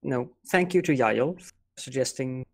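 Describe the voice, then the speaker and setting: A man from Norway co-hosting a podcast in casual chat, speaking in a measured, slightly formal way with hesitant fillers. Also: mid-range voice, vocal fry, a little mellow. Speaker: podcast co-host.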